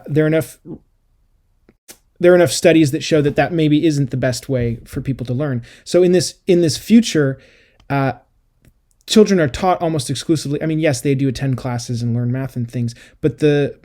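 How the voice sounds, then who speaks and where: Guy with a warm mellow voice chatting about a novel, lots of um and restarts. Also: mid-range voice. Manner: thoughtful, many restarts and fillers. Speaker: podcast co-host. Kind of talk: casual book discussion.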